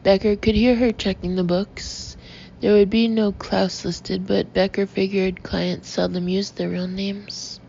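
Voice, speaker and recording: A woman narrating an audiobook in a measured, even reading, on a dull lo-fi recording with faint noise. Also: medium pitch, gravelly. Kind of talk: scripted narration.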